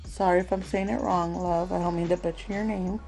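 A woman hosting a craft swap unboxing vlog at home, talking slowly and gently and calling viewers "love" again and again. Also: fairly low pitch, steady tone, gravelly, faint music behind, low-quality recording. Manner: slow, gentle, calls viewers "love" often.

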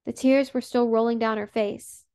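A woman narrating an audiobook in a measured, plain reading. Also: on the high side, steady tone, darkish tone, clear, resonant tone.

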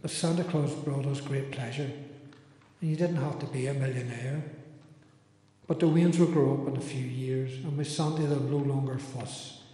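Brief: man putting on a harried mum reciting a moaning Christmas poem, slightly high, in a big echoey hall with music behind. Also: mellow, natural voice. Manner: rhyming, complaining, nostalgic recitation. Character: harried middle-aged mother grumbling about Christmas. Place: church hall.

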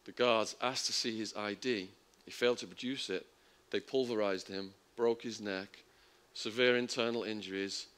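Low-voiced man telling a story. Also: steady tone, moderate pace, few pauses, a bit bright. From England. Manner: vivid storytelling, acting out the quoted voices with big jumps in pitch and volume. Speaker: speaker at a public talk. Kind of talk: storytelling talk.

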